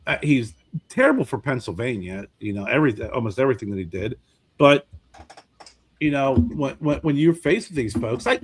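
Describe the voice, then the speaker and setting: Male podcast co-host, medium pitch, animated storyteller, relaxed chat. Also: slightly rough. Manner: animated storyteller, acts out quoted voices.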